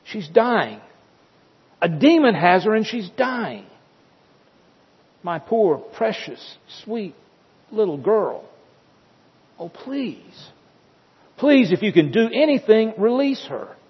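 A frantic mother pleads for her dying child in a high, strained voice, as a male preacher acts her out. The sound is dull and rings with a long hall echo. Her words come in urgent, broken bursts. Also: very animated, slow, long pauses, slightly rough, exaggerated voice. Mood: pleading. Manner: pleading, breathless, raised. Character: desperate mother begging for her dying daughter.

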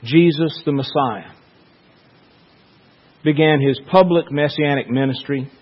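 Slow-preaching man in a reverberant hall. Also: on the high side, slightly rough, muffled recording. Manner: slow, measured preaching with dramatic pauses. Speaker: pastor. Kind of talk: sermon.

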